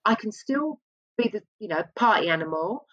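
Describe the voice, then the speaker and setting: A woman's voice: mid-range voice, expressive, moderate pace, a bit bright, lo-fi sound. A woman speaking as an interview guest, open and reflective, often restarting her sentences. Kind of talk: candid conversational interview.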